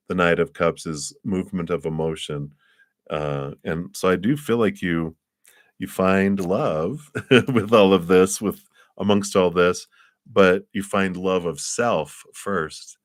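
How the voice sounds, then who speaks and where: A man's voice: low-pitched, no echo, studio quality. A man giving a live tarot reading, speaking in an encouraging, rambling way, often chuckling and restarting his sentences. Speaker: tarot reader.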